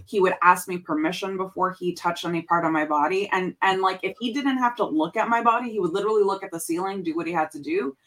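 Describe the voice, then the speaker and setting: A woman's voice: mid-range voice, fast, few pauses, fairly bright tone, rough recording. A woman guest in a casual podcast interview, telling a personal story earnestly with frequent restarts and repeated words.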